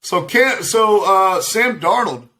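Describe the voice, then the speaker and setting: Animated joking man on a video call. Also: high-pitched, slow pace, slight background noise. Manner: animated, joking, profane, laughs often. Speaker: podcast co-host. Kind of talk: casual sports chat.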